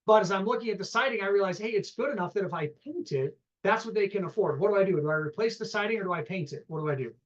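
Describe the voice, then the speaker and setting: A man's voice: sits high, lively intonation, rapid-fire, hardly any pauses, muffled recording. A man teaching a live real estate seminar, telling stories and acting out both sides of phone calls, often asking the room questions.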